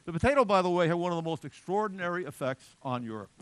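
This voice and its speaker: A middle-aged man lecturing with a lively, swooping voice pitched a bit above most men's. His talk wanders into funny stories and asides. The sound is close and dry, with little room echo. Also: fast talker, clear, resonant tone. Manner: conversational, humorous storytelling with asides. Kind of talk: lecture with anecdotes.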